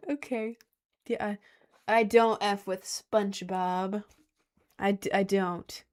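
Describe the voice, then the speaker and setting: A woman's voice: medium pitch, fairly even intonation, slow pace, a little mellow. Giggly young woman chatting on stream. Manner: giggly, rambling and slangy, with self-conscious asides. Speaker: streamer reading chat. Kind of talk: casual live-stream chat.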